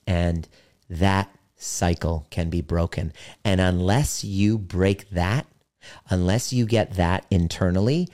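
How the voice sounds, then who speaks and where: Casting note: low-voiced male coach, blunt and earnest, slows to land key points. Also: a little mellow. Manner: blunt, earnest, swears for emphasis. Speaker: relationship coach. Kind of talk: motivational talk to listeners.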